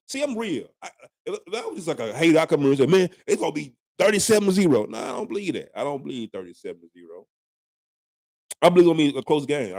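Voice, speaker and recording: Young male streamer, lively swinging pitch, dry close sound, playful trash talk. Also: dry recording. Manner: animated trash talk, drawling repeats. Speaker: live-stream host, sports fan. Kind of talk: casual live-stream banter.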